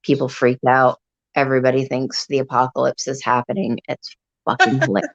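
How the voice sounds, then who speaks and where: A woman's voice: extremely low pitch, little pitch movement, a little fast. A woman hosting a livestream, chatting casually and rambling, with frequent swearing. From Upper Peninsula of Michigan. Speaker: livestream host. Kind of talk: casual chat. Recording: dull lo-fi sound.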